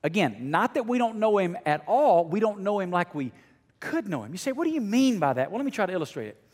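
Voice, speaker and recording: A middle-aged male pastor preaching a sermon to his congregation, dropping to a hush and then rising almost to a shout. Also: high-pitched, big pitch swings, quick pace, big-room sound. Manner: swings from hushed to near shouting. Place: church sanctuary.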